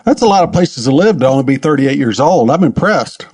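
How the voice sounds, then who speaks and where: A man's voice: a little high, expressive, brisk, a little mellow, breathy edge. A man co-hosting a podcast, chatting with friendly, teasing humor. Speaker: podcast co-host. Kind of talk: podcast interview.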